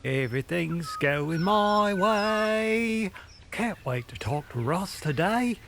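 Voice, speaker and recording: Man playing a jumpy Australian podcast bloke, high voice, swooping pitch, slow delivery, noisy line. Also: animated, gravelly, fairly bright tone, heavily acted. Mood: cheerful. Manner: overexcited, yelping in panic. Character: Austin, hapless Australian podcast co-host man.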